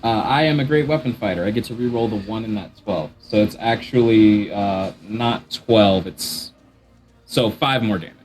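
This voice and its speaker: A man with a lowish voice talks through his turn in a tabletop game, thinking aloud and padding his lines with fillers. Faint music sits under the voice chat. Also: normal speed. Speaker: player. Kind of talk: describing combat in a tabletop game.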